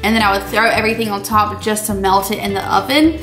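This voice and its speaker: A woman's voice: mid-range voice, fairly even intonation, fast talker, fairly bright tone, faint music behind. A young woman, chatting casually to viewers while she cooks in her home kitchen. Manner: chatty, addresses viewers as y'all. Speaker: cooking vlogger. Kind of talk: casual cooking vlog.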